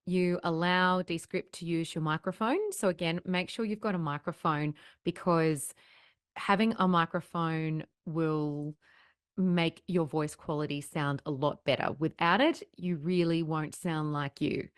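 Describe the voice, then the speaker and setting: A woman trainer walks through a software demo step by step in an upbeat, explaining manner. Her voice sits a touch low for a woman, and the sound is close and dry, with no room around it. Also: steady tone, a little slow, clean tone, no echo. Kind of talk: recorded software tutorial walkthrough. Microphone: desk microphone.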